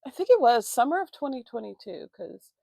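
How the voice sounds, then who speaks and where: Heavily gravelly woman venting a story. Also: fairly high pitch, sing-song, brisk, warm tone, no room sound. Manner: profane, heated venting with constant fillers. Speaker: vlogger. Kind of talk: casual storytime. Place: indoors at home getting ready.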